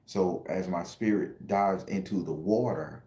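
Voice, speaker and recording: Give me a deep, mellow-voiced man talking casually to his viewers in a roomy echo. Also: a little slow. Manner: emotional, slangy, talks to viewers directly. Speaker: spiritual channel host and tarot reader. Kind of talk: casual livestream storytelling.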